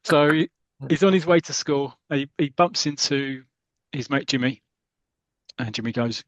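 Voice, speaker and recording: A man's voice: medium pitch, moderate pace, long pauses, no room sound, lo-fi sound. A man hosting a podcast, animatedly retelling a comic strip and acting out its scenes. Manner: animated, acts out the story as he reads. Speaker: podcast host.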